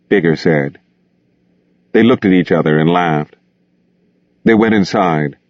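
A man narrating an audiobook in a measured, expressive reading. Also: low voice, no room sound. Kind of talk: scripted narration. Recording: dull lo-fi dry recording.

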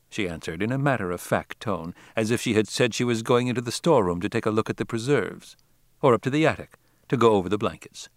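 Male audiobook narrator, measured delivery, lowish voice, dry booth sound. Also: animated, no room sound. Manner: measured, deliberate reading. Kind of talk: audiobook narration of a classic novel.

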